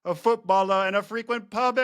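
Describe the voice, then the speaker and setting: A man's voice: high voice, steady tone, brisk, a bit bright, clean tone, pitched above the performer's own voice. A man putting on an exaggerated Welsh accent, announcing a guest in a theatrical sing-song. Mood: playful. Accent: put-on Welsh.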